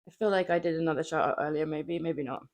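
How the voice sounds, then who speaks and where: A woman with a slightly low voice chats casually to her viewers during a workout, breathing hard between sentences. Her talk is playful and chatty, and she laughs easily. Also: quick pace, a little mellow. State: out of breath from exercise. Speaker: livestreamer. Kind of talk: casual livestream chat while working out. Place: home flat.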